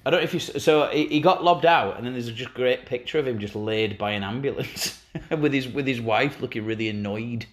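A man's voice: medium pitch, a little fast, hardly any pauses. A man co-hosting a casual chat, telling wry, sweary anecdotes. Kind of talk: casual banter.

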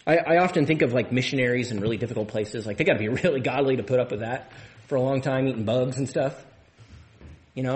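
A pastor preaching to his church, a man whose voice sits a touch high. He talks through the sermon casually, restarting phrases and doubling words as he thinks aloud. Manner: conversational, repeats words and restarts often.

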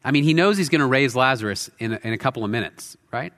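A male pastor preaching a sermon in a church, earnest, shifting between intense emphasis and quiet reflection. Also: medium pitch, animated, fast talker. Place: church sanctuary. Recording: long hall reverb.

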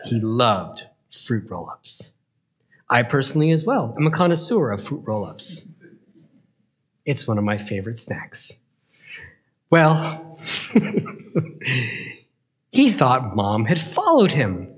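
A man telling a playful story as a children's Bible lesson, with a lively, chuckling delivery. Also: medium pitch, takes it slowly, pauses often, husky.

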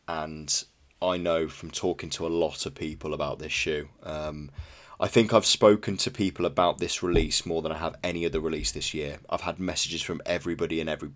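A man co-hosting a podcast, chatting enthusiastically and rambling about sneakers, swearing casually. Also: low voice. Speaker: podcast co-host.

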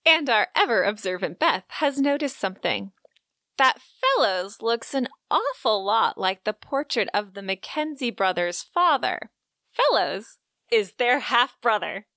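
Bright-voiced woman gushing over a book. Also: on the high side, big pitch swings, measured pace, dry recording, studio quality. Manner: gushing, playful storytelling. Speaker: podcast co-host. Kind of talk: casual book recap chat.

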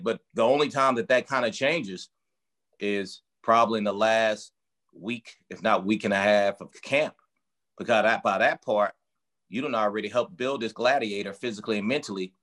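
A man speaks in a somewhat low register, relaxed yet emphatic. He explains his coaching work through vivid everyday comparisons, in loose conversational interview talk. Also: normal speed. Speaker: strength and conditioning coach for boxers.

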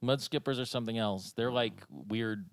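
A man's voice: medium pitch, normal speed, dry recording. A man in his thirties chatting on a podcast, rambling with restarts and dry jokes. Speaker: podcast co-host. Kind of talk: casual podcast chat.

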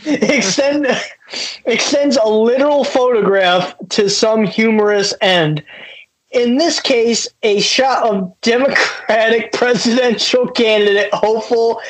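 A man's voice: very high-pitched, takes it slowly, rough recording. A man co-hosting a casual podcast, reading a news story aloud and breaking into laughter. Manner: laughs through his reading, keeps breaking up. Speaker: podcast co-host.

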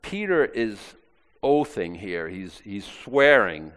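Lively preacher guy, pitch jumping all over, big reverb hall. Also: moderate pace. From Maine, US. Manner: animated, acts out quoted lines in shifting voices. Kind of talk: sermon.

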